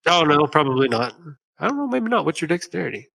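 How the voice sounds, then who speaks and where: A man's voice: fairly high pitch, very animated, quick pace, vocal fry, a crowd in the background, poor audio. Casual male game master running a tabletop game. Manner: casual, swears, narrates in bursts.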